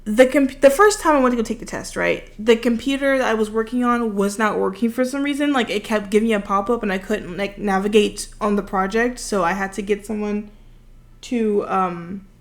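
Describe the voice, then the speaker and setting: A woman's voice: medium pitch, brisk. A young woman in her twenties chatting through a long, rambling, self-deprecating story while building, close to the microphone. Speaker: vlogger. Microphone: close desk microphone.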